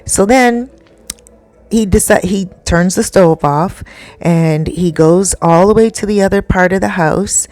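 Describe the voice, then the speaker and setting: A woman casually recounts a spooky tale in a chatty, animated way. Her voice is lowish, and the dry room adds no echo. She keeps turning to the listener with asides. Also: measured pace. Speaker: storyteller.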